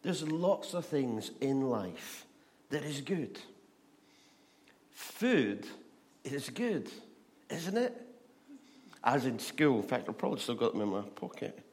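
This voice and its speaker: A man's voice: medium pitch, big pitch swings, takes it slowly, long pauses, a little mellow. A man from Scotland, preaching a chatty sermon full of stories and questions to the audience. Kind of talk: sermon with humorous storytelling.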